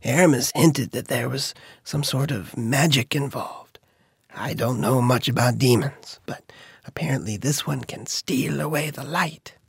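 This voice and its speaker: A man reading a story aloud, voicing a kindly male attendant who speaks in a hushed, confiding whisper. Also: on the low side, fairly even intonation, a little slow, dry recording, clean studio sound.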